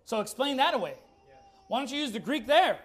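A man preaching a sermon, firing rhetorical questions and reading scripture slowly and deliberately. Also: extremely high pitch, very animated. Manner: emphatic, fires rhetorical questions.

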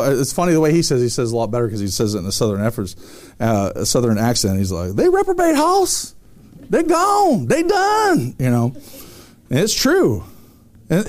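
A man's voice: high-pitched, a little mellow. A man preaching a sermon, reading scripture and then commenting on it in an emphatic, conversational way with frequent restarts.

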